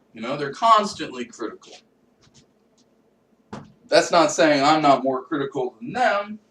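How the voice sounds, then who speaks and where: A man's voice: fairly high pitch, slight background noise. A man delivering a profane, rambling comedic monologue and talking to himself. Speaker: vlogger. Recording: roomy echo, distant from mic.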